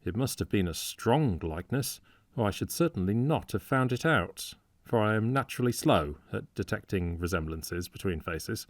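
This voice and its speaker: A male audiobook narrator with a low voice, reading a classic novel aloud. His delivery is measured and steady, and the sound is close and dry with no room around it. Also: no echo. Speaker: audiobook reader.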